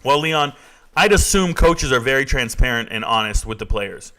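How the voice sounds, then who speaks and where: Animated man in his forties, bright tone. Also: mid-range voice, normal speed. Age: 40s. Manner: animated, reads and answers chat. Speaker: sports talk live streamer. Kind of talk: casual live-stream chat.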